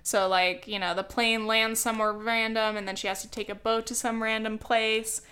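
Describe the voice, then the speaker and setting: Brief: young woman vlogger, slightly high voice, casual sarcastic movie chat on camera. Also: little pitch movement, moderate pace, bright, forceful tone. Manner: chatty, sarcastic, lots of filler words. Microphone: camera mic.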